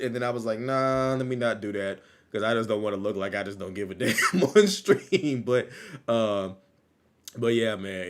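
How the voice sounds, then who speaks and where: A man hosting a casual livestream, talking loosely and repeating his phrases, still low on energy after an illness. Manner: loose, rambling, repeats phrases, laughs easily. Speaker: livestream host.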